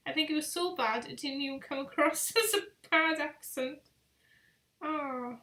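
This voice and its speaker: A woman's voice: sits high, a little slow, bright, forceful tone. A young woman hosting a casual live travel quiz, chatty and rambling, with self-deprecating asides. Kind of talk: casual live-stream chat.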